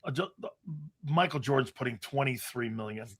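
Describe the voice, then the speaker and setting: A man co-hosting a sports talk show, tossing in quick joking interjections. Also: mid-range voice. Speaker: co-host.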